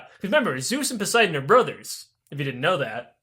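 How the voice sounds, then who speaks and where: A high-voiced man tells old myths as a comedy bit on a podcast. He swears freely, stays animated, and slips into silly voices for the characters. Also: a little fast. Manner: profane, animated, does goofy character voices. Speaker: podcast host. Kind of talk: comic storytelling of myths. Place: podcast studio.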